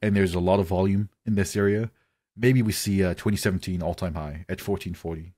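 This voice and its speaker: A man's voice: sits low, steady tone, fairly quick, dark tone, dry recording, clean studio sound. A man co-hosting a podcast, loose and swearing freely in casual chat. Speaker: podcast co-host.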